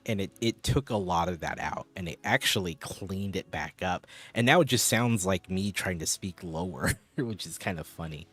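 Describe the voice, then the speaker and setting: A man's voice: low voice, moderate pace, few pauses, a bit bright, slightly rough. Chatty man on a livestream. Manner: rambling, chatty, answering viewers' chat. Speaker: live streamer. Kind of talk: casual livestream chat.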